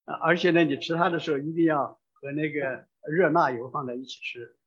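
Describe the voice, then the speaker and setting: Brief: male church interpreter, husky voice, a bit high, lo-fi sound. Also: fairly even intonation, brisk, fairly bright tone. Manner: fluent, with frequent hesitation fillers. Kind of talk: live sermon interpretation. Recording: dull lo-fi sound.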